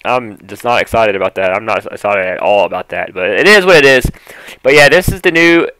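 A young man with a Southern country accent, gushing over a controller unboxing, flipping between hushed awe and loud excitement. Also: fairly low pitch, fairly quick, clean tone, no echo, rough recording. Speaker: YouTuber.

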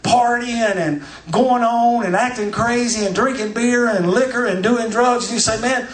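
A man preaches in a high voice, swinging from soft asides to loud shouted declarations. He sounds as if he is recorded from a distance in a reverberant church. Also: moderate pace. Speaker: pastor. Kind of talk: sermon. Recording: echoey church from far off.

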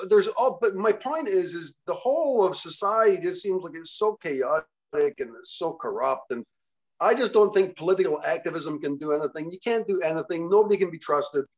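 Male interviewer, higher-pitched, meandering and hesitant, casual chat. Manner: rambling, hesitant, many fillers and restarts. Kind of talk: casual conversation.

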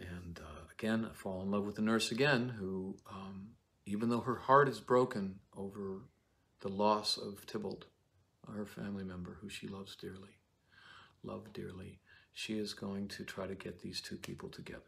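A man giving a casual Shakespeare lecture, rambling and halting with many fillers and restarts. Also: fairly low pitch, steady tone, gravelly, fairly bright tone.

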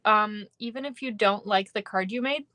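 A woman chats her way through a live craft stream, rambling between fillers and quick laughs. Her voice is bright and lively in tone, sitting at an ordinary pitch for a woman. The sound is close and dry, with no room echo. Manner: chatty and rambling, with many fillers and frequent laughs. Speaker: stamping demonstrator hosting a live craft class. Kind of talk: casual livestream chat.

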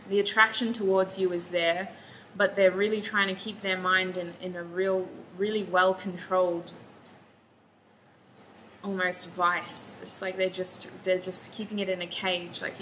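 Sleepy, bright-voiced woman reading tarot. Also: fairly low pitch, a little hiss or hum, rough recording. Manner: chatty, drowsy, talks to viewers as "you guys". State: sleepy and foggy-headed. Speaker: tarot reader. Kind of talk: casual tarot reading to camera.

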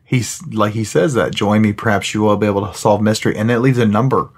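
A man co-hosting a paranormal podcast, talking in an excitable, rambling way with frequent laughs. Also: fairly low pitch, fast talker. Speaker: podcast co-host. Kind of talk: casual chat.

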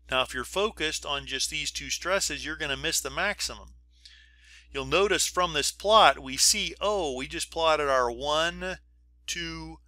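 A man's voice: mid-range voice, sharp tone, dry recording. A middle-aged man giving a recorded engineering lecture, walking through diagrams step by step with informal asides and checks like "you see that?". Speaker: engineering professor.

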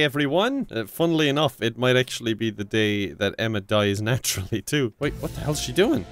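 Animated and a little fast, this Irish gaming YouTuber speaks in a mid-range, fairly bright voice with hardly any pauses. He laughs often and yelps without warning while giving sarcastic, playful commentary on a life-sim game.

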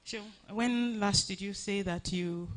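A woman giving a personal tribute at a funeral service, telling her story earnestly with many halting restarts. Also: mid-range voice.

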